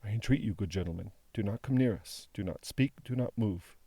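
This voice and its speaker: A man's voice: mid-range voice, moderate pace, mellow, no echo, natural voice. A man reading the part of a young woman who speaks tenderly and imploringly. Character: tender young woman pleading with her father.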